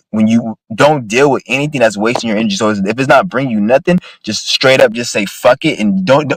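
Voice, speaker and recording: A man's voice: medium pitch, dry recording, poor audio. A man ranting angrily to his phone camera about a store clerk, swearing constantly and repeating himself. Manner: profane, ranting, repetitive. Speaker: vlogger. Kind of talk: angry rant to camera.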